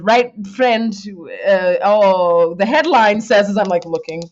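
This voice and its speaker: A woman in her thirties chats as a podcast guest, warmly gushing and easily moved. Her voice sits in a middle pitch. The audio is a little dull and lo-fi. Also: slow. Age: 30s. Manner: emotional, gushing, animated storytelling. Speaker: guest voice actor. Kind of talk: casual podcast interview.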